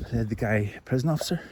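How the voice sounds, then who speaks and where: Derry man, vlogger, meandering walk-and-talk, slow delivery, phone mic outdoors with birds and background noise. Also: medium pitch. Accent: Northern Irish, Derry. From Northern Ireland. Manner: chatty, meandering, self-deprecating. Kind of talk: rambling walk-and-talk chat. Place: outdoors on a rural hill walk. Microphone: phone on a selfie stick.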